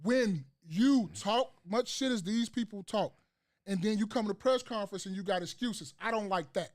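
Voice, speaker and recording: A man's voice: sits high, normal speed. A man hosting a casual podcast chat, ranting emphatically with slang and profanity and repeating phrases for emphasis. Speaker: podcast host.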